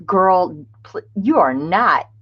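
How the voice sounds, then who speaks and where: A woman's voice: lowish voice, expressive, extremely slow, a little hiss or hum. Woman, middle-aged, craft live-stream host, chatty, laughs a lot, dull lo-fi sound. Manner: chatty, laughs often, greets viewers by name. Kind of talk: casual live-stream chat.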